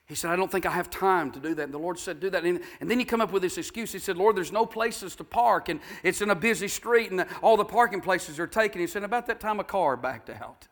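High, bright-voiced preacher man. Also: animated, fast talker, hardly any pauses. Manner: folksy, builds to shouting fervor. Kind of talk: sermon storytelling.

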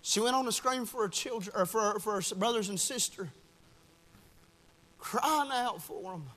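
A young man preaching an impassioned sermon at a church service, swinging from shouts to hushed tones. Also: high voice, moderate pace, long reverb tail. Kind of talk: fiery sermon. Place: church at a Wednesday night service.

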